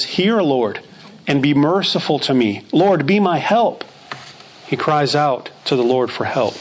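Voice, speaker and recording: A man preaching a sermon who reads scripture verses aloud and repeats phrases for emphasis. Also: medium pitch.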